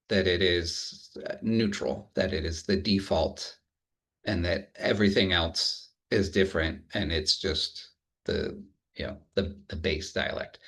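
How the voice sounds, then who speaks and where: A man with a somewhat low voice, lecturing in a relaxed, good-humored way. He pauses often and restarts phrases as he thinks aloud. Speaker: university lecturer. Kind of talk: academic lecture.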